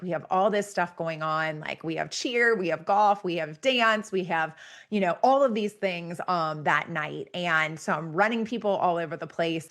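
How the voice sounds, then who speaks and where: A woman's voice: on the low side, a bit bright. A woman podcast host telling a personal story in a chatty, rambling way, full of filler words.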